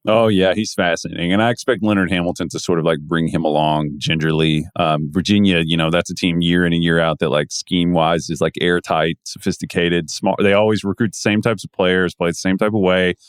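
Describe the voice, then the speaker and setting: Guy with a lowish voice rambling thru hoops analysis, dry close mic, lots of restarts. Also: steady tone, brisk, hardly any pauses, clear, resonant tone, dry recording. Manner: rambling, thinks aloud with many restarts. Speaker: podcast co-host. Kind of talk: casual basketball analysis chat.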